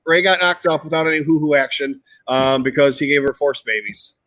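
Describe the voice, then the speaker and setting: A man's voice: a little high, a little fast, a bit bright, dry recording, low-quality recording. Man rambling in a dry close room. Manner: rambling, many fillers. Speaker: co-host. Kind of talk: casual live chat.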